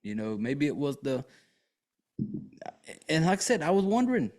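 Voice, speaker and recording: A man's voice: fairly high pitch, very animated, normal speed, a little mellow. A man hosting a podcast, recapping a film in a casual, profane, joking way with lots of fillers. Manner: rambling, crude and joking, with many fillers. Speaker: podcast host.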